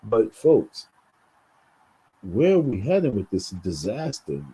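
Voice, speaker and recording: A man's voice: fairly low pitch, very animated, takes it slowly, dark tone, slightly rough, low-quality recording. A man from New York talking straight to his viewers in a rambling commentary, often repeating words and calling them folks. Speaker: vlogger. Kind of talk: casual commentary monologue.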